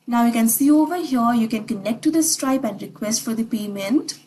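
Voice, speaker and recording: A woman's voice: a little high, normal speed, mellow, slight background noise, poor audio. A woman narrating a scripted screen tutorial, giving step-by-step instructions in repetitive phrasing.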